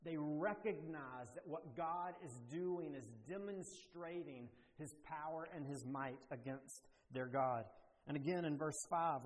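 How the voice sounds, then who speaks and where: Emphatic male preacher in an echoey hall. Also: fairly high pitch. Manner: emphatic, rising to forceful declarations with slow deliberate pauses. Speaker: pastor. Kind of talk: sermon.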